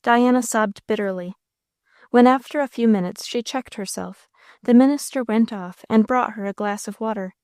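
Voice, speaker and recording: A woman narrating a classic novel as an audiobook, in a steady, measured way. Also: on the high side, no echo, studio quality.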